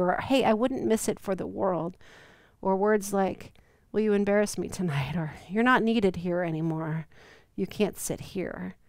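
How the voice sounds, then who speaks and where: Earnest woman pastor, smooth dry voice. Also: fairly high pitch, no room sound. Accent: Midwestern American. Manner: earnest, personal storytelling with soft, quiet stretches. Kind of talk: sermon. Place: church sanctuary.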